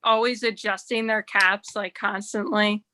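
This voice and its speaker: Bright-voiced woman doing stand-up. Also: medium pitch, fairly even intonation, unhurried. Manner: wry, chatty delivery with many "like"s. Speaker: stand-up comedian. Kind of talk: stand-up set. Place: remote open mic over video stream.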